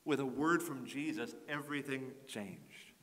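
A man preaching a sermon as pastor, earnest and building to forceful emphasis. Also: mid-range voice, unhurried, in a large hall. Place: church sanctuary.

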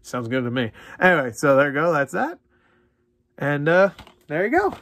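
A man's voice: a little high, big pitch swings, moderate pace, a bit bright, dry recording, studio quality. A young man ranting in a casual, profane, exasperated way while unboxing a video game. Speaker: gaming vlogger.

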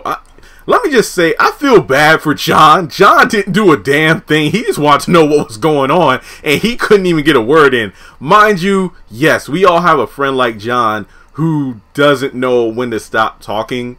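A young man casually recapping a TV episode, animated, laughing often and acting out the characters' lines. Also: medium pitch. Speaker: TV episode reviewer.

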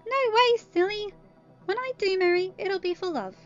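A woman's voice: muffled recording, soft background music. A woman voicing a frantic young pony mare who wails and squeals. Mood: excited. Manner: shrill, wailing and fast.

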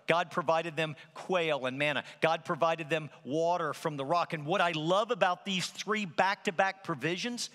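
A man's voice: fairly high pitch, in a large hall. A man preaching a sermon as a pastor, telling stories animatedly and acting out the quotes. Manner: animated storytelling with acted-out quotes. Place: large church hall.

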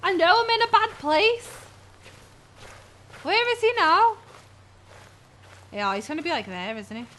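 A woman's voice: very high voice, very animated, a little slow, pauses often, fairly bright tone, slight background noise. A woman gamer giving jumpy horror game commentary on a headset, swearing and yelping at scares.

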